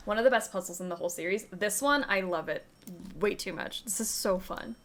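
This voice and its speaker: Speaking briskly in a mid-range, fairly bright voice, a woman plays through a video game for viewers. Her commentary is relaxed, full of giggles, and she reads the on-screen instructions aloud.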